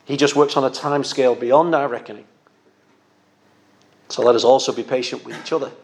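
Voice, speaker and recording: A man preaching a sermon in an earnest, gentle pastoral manner, sometimes repeating a word as he goes. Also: medium pitch, steady tone, brisk, a little hiss or hum.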